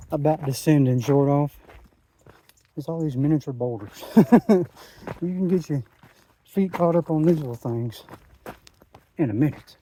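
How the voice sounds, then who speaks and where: A man's voice: on the high side, mellow, breathy edge. A man, talking in a rambling, enthusiastic way into his phone while out hiking a mountain trail. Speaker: hiking vlogger. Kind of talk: casual trail vlog. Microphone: phone camera.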